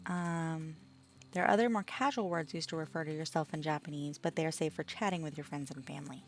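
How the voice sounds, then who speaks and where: A woman's voice: deep voice, quick pace, soft background music. A woman with an Australian accent streaming a game, reading lesson text aloud and chatting between lines. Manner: reads lesson text aloud, laughs and chats with partner.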